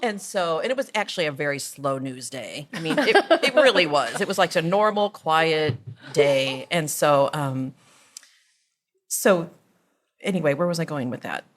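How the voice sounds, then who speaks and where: A middle-aged woman, a podcast co-host and mother, casually retelling a story in a rambling, animated way. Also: sits low, moderate pace.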